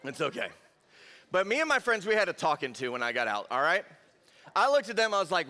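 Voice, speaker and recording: A young man giving a lively, jokey youth sermon and talking straight to the crowd. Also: high voice, fast. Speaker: youth pastor. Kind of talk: energetic youth sermon storytelling. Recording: long hall reverb.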